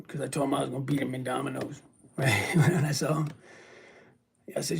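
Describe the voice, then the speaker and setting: A man's voice: mid-range voice, lively intonation, brisk, pauses often, a little hiss or hum. A worn-out, ill man talking casually and emotionally to his viewers, rambling and swearing freely. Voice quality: gravelly. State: weary and ill. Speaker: vlogger. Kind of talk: casual vlog talk to viewers.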